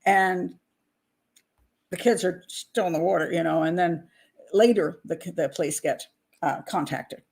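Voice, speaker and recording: A woman's voice: fairly low pitch, unhurried, gravelly, pauses often, a little mellow. A woman hosting a profiling show, reading a true-crime book aloud and breaking off for chatty asides with restarts, acting out the quoted lines. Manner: chatty asides with restarts between read passages. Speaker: criminal profiler host.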